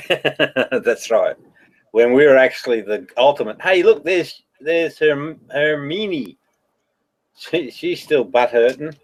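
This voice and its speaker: A man's voice: mid-range voice, animated, slow pace, poor audio. Giggly man egging on his co-host. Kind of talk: casual chat.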